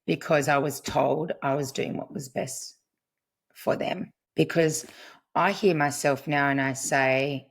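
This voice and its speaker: A middle-aged woman, a podcast guest, speaking earnestly in a reflective conversation and quoting what she once said. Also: a bass voice. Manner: earnest, storytelling, quotes herself. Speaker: podcast guest, family constellations practitioner.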